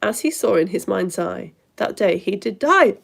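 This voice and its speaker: A woman's voice: mid-range voice, expressive, normal speed, gravelly, fairly bright tone. A woman teaching a live online lesson, reading viewers' comments aloud in a bubbly, exclamatory way with delighted gasps.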